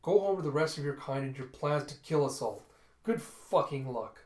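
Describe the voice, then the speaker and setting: A man's voice: a little high, lively intonation, normal speed, a little mellow, echoey room, natural voice. A man voicing a young half-wolf woman from a comic book, heated and pleading. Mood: angry.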